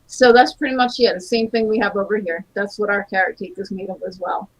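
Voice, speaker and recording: A woman's voice: medium pitch, brisk, rough recording. A woman in a casual chat, talking easily and passing on what others in the room say. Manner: chatty, relays what others say, laughs often.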